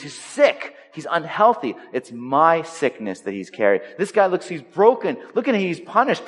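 Animated male preacher in a reverberant hall. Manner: animated preaching with dramatic swings in pitch and pace. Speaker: pastor. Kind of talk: sermon. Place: church sanctuary. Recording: long reverb of a large hall.

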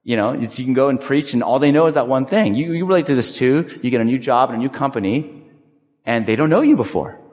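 A man preaching a sermon as a pastor, conversational and animated, telling personal stories. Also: medium pitch, fast. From Southern California. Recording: long reverb of a large hall.

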